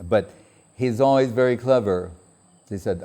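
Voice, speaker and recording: A man with a mellow, relaxed voice gives a spiritual talk as a story. He quotes others in a raised, higher voice and laughs often along the way. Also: measured pace. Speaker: spiritual speaker.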